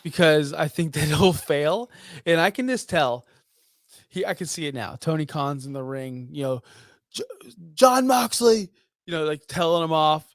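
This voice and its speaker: A man's voice: on the high side, moderate pace, dry recording, clean studio sound. A young man co-hosting a casual wrestling podcast, blunt, profane and full of strong opinions. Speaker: podcast co-host.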